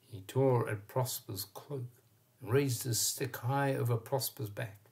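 A man's voice: medium pitch, vocal fry. Man reading a children's story aloud. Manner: expressive, pauses to point at pictures.

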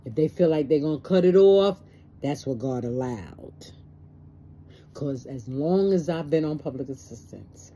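A woman's voice: sits low, animated, moderate pace, dark tone, slight background noise. A stressed woman talking plainly and emotionally in a personal vlog, acting out both sides of conversations. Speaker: vlogger. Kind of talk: personal monologue to camera.

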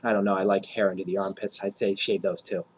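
Man, low-pitched, profane rambling vlog rant, faint background hiss. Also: level tone, fast talker, poor audio. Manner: profane, rambling, mock-offensive, laughs at own jokes. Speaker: vlogger. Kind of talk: rambling crude joke rant to camera.

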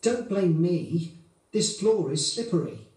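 A man plays a defensive speaker brushing off an accident. His voice sits fairly high and sounds mellow. It comes through textbook course audio played into a very echoey room. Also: big pitch swings, unhurried, recorded from a distance. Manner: defensive excuses. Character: apologetic man excusing an accident. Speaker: actor in a textbook dialogue.

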